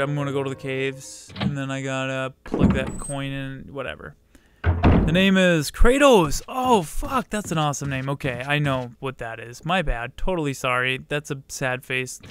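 A young let's-play streamer gives casual live commentary on his game, chatting with viewers and greeting them as they arrive. His mid-range voice competes with heavy background noise, and he swears freely and shouts outbursts at the game.

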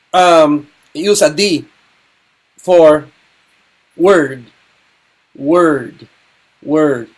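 Middle-aged male sign language teacher, slow and halting, slightly high voice. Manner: halting, repeats words, frequent ums. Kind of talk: online sign language lesson.

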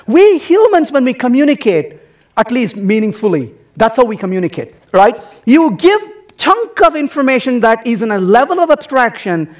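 His pitch very high and sing-song, this speaker addresses a conference hall crowd at a normal speed. The technical presentation stays playful throughout as he poses teasing rhetorical questions and his voice rises and falls.

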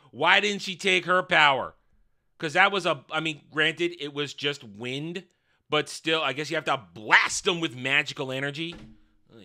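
A man's voice: sits high, bright, forceful tone. A man reviewing a TV episode in a casual, rambling rant, sarcastic, exasperated and crude. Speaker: TV show reviewer.

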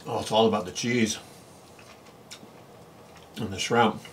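Male food vlogger, lower register, chatty and appreciative while tasting dishes. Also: steady tone, measured pace, a bit bright, a little hiss or hum. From California. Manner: chatty, savoring bites with lots of mm and oh. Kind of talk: casual food review vlog. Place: home in Japan.

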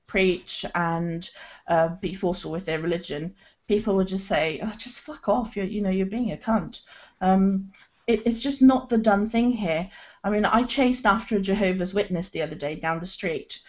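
A woman's voice: mid-range voice, darkish tone, highs cut off. A woman, a podcast guest chatting casually and bluntly, swearing freely and laughing between phrases, heard over a video call. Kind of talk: casual chat.

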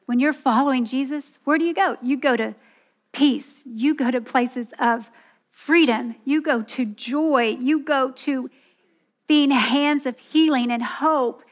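A woman's voice: high-pitched, slow. A woman giving a sermon at a women's church event, earnest and telling a personal story. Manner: earnest, storytelling, acts out voices with laughs.

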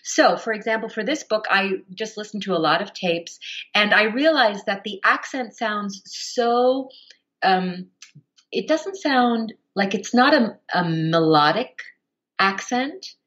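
A woman audiobook narrator, a guest on a podcast, explaining her craft at length with expressive, shifting emphasis. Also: mid-range voice, unhurried. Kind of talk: podcast interview answer.

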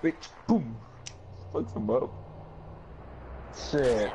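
A man in game chat whose voice leaps around in pitch, giggling and teasing his friends. Faint noise hums behind him. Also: sing-song, very slow, mellow. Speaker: teammate. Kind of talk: casual gaming chat.

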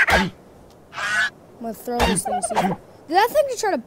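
A woman giving casual, playful commentary on her own gameplay, chatting to the animals in the game and jumping between loud bursts and quiet mutters. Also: very high voice, huge pitch swings, moderate pace. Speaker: gamer. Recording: loud background noise.

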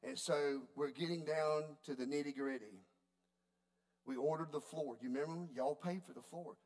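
A man preaching a sermon, telling a story in a folksy, animated way. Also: on the high side, normal speed. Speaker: pastor.

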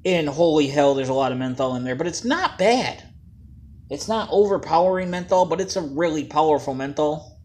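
A man's voice: on the high side, a little fast, a little mellow. Laid-back man reviewing vape juice. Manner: laid-back, jokey, plain-spoken. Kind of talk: casual product review.

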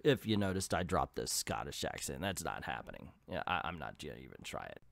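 A man's voice: a bass voice, very animated, a little fast, vocal fry, a bit bright, no echo, studio quality. A man casually reviewing an old comic book, chatty and wry, with self-deprecating asides.

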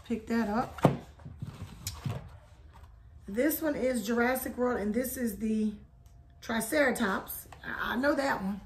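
A woman talks viewers through her shopping finds in a casual vlog. Her voice sits a little high, and she chats easily and hums theme tunes along the way. Faint clicks sit in the background. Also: takes it slowly, long pauses, slight background noise. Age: adult. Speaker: haul video host.

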